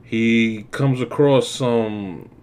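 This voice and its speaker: A man's voice: medium pitch, extremely slow, a little mellow, clean tone. A man giving a casual spoken film review, rambling and stumbling over repeated words as he recaps the plot. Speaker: movie reviewer.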